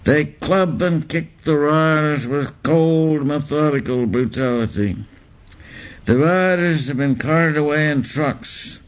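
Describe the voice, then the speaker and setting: A man reading literary prose aloud in a deliberate, deadpan recital. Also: fairly high pitch. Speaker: reader.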